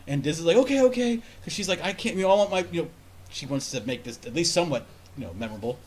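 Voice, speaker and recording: A man's voice: fairly high pitch, very fast. A man on a casual podcast telling a long, rambling, profane story with many restarts. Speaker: podcast host.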